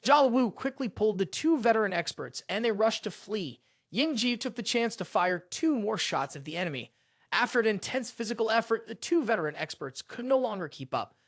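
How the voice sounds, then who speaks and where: A narrator reading a scripted story recap in a brisk, expressive way. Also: mid-range voice, no echo, clean studio sound.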